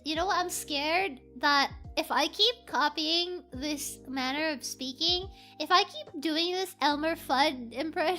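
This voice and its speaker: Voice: high-pitched, pushed and bright. A VTuber streamer chatting casually on a live stream, giggly and playful, reading chat aloud from a home setup.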